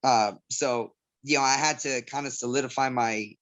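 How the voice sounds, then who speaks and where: A man's voice: mid-range voice, steady tone, moderate pace, fairly bright tone. A man, chatting casually as an interview guest and rambling through stories. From Southgate, California. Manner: rambling, storytelling with imitated voices. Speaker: MMA fighter guest.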